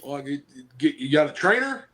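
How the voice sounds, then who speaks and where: Man, somewhat high voice, casual podcast chat, rambling, joking, blunt advice. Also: sing-song, moderate pace, fairly bright tone. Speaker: pro wrestler and football coach.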